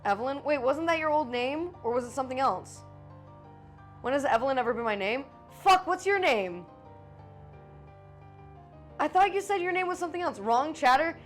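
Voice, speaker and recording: A woman's voice: sits high, lively intonation, normal speed, pauses often, soft background music. A woman streamer in casual live chat with her viewers, swearing freely and swinging between joking and apologizing.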